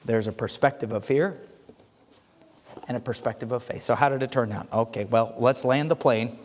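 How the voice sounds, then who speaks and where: A male pastor preaching a sermon, telling a joke story with lively swings from loud to quiet and frequent stammered restarts. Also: medium pitch, moderate pace. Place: church sanctuary. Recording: long reverb of a church hall.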